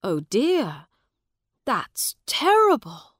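A woman voicing a kind adult soldier who speaks gently and plainly. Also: on the low side, takes it slowly, no room sound, clean studio sound. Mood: gentle.

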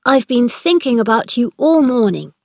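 A woman's voice: on the high side, sing-song, moderate pace, no room sound, clean studio sound, pitched above the performer's own voice. A woman reading aloud, voicing a sickly, spoiled young boy who gives orders in a hard voice. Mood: welcoming. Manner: commanding, imperious. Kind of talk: read-aloud storybook dialogue.

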